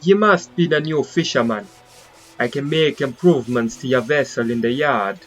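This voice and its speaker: A man's voice: mid-range voice, moderate pace, lightly acted. A man doing a curt lilting shipwright woman. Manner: put-on Caribbean-style lilt, curt. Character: brusque female shipwright, no-nonsense.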